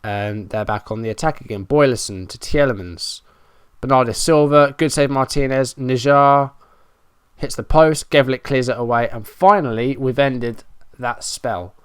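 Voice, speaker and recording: A man calls a football management match play by play, often frustrated and poking fun at himself. His voice is smooth and resonant. It is recorded close and dry, with no room sound. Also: mid-range voice, fairly even intonation, normal speed, no room sound. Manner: running play-by-play, frustrated and self-mocking. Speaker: gaming YouTuber. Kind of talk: Let's Play commentary.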